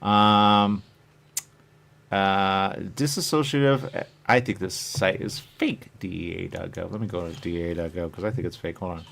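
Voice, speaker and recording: Male host, somewhat low voice, casual rambling chat. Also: unhurried, vocal fry, fairly bright tone. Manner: meandering, chatty, acts out quoted voices. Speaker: show host.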